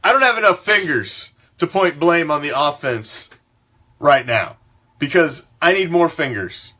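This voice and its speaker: A man ranting as a sports talk host, swearing freely and hammering his points. His voice sits high and swings widely up and down, with a bright, forceful edge. He keeps the tone emphatic and fired-up. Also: expressive, measured pace. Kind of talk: fan sports commentary rant.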